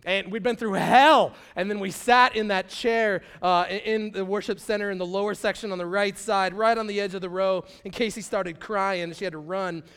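A man's voice: high voice, steady tone, normal speed, hardly any pauses, fairly bright tone, smooth. A man, preaching a sermon as a pastor and telling a personal story in a casual, slangy way, acting out quotes with big swings in volume.

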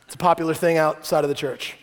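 High-voiced animated male pastor in a hall. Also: quick pace. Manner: animated, joking storyteller. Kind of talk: sermon. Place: large hall before a congregation. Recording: long hall reverb.

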